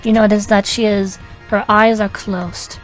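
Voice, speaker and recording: A woman narrating a tabletop game as game master, halting and restarting as she describes the scene. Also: mid-range voice, little pitch movement, soft background music.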